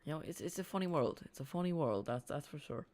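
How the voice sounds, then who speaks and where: A man's voice: fairly high pitch, lively intonation, quick pace, darkish tone. A man streaming a live watch-along, chatting casually in a rambling way, repeating himself and reacting to the play.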